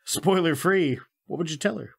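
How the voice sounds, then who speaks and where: A man's voice: fairly high pitch, vocal fry, slightly rough. Podcast host guy, joking around and cursing a lot, loose chat about a movie. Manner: profane, joking, quick to laugh. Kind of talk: casual chat.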